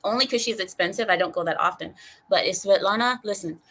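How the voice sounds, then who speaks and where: A woman's voice: medium pitch, quick pace, a bit bright, slightly rough. A woman hosting a casual livestream, reading chat comments aloud in a chatty, rambling way and laughing often.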